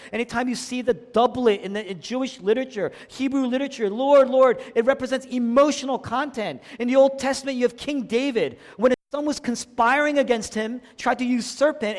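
High-voiced preacher in a reverberant hall. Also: male voice, animated, a little fast, hardly any pauses. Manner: dramatic, swings between loud emphatic lines and hushed low ones. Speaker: pastor. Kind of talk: sermon.

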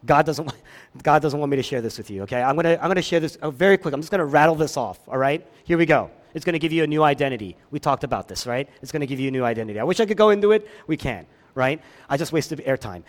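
A pastor preaching a sermon, swinging between loud emphatic lines and hushed ones, with chatty asides to the congregation. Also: male voice, fairly high pitch, lively intonation, quick pace.

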